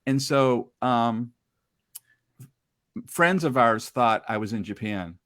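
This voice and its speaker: A middle-aged man tells old radio stories in an easy, chatty way. He is animated and slips into quick voices for the people in his tale. The sound is dry and close, with no room behind him. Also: medium pitch, no room sound. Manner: animated storyteller, acts out quoted voices. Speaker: podcast guest telling radio stories. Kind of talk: casual storytelling chat.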